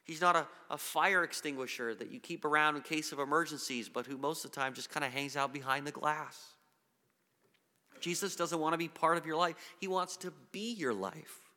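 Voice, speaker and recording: A man's voice: a little high, moderate pace, sharp tone. A man preaching a sermon as pastor, earnest, with frequent restarts and repeated words. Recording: long hall reverb.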